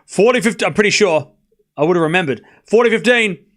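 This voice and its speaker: A man with a high, bright voice livestreams tennis commentary, chatting casually with his viewers as he rattles through each rally. His delivery is loose and full of slang and asides, and when big moments hit he gets excited and shouts.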